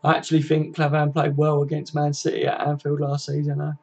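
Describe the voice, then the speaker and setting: Young male stream host, gravelly and a touch high, casual and profane, lo-fi home recording. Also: completely flat delivery, brisk. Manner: chatty and matey, swears often, reads chat aloud. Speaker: livestream host. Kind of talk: casual live-stream chat. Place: home computer setup.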